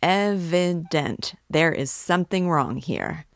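A woman's voice: low-pitched, expressive, unhurried, no echo, studio quality. A woman reading aloud, voicing an eager young male law student who talks urgently and insistently.

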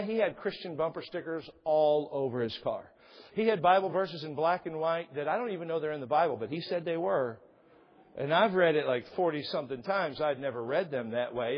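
A pastor preaches in an animated, joking way, full of sarcasm. His voice is a bit high and husky. The recording is dull and lo-fi. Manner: humorous, sarcastic, animated retelling. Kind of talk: sermon storytelling. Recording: dull lo-fi sound.

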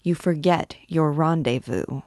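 A woman's voice: sits low, measured pace, mellow, dry recording, studio quality. A woman voicing a sinister cloaked man with a sepulchral, cold and bitter manner.

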